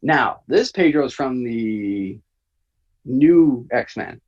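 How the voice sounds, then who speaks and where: Male podcast co-host, husky, rambly casual delivery, lo-fi recording. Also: mid-range voice, expressive, drawn-out words, darkish tone. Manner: rambling, lots of fillers and restarts. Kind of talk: casual review chat.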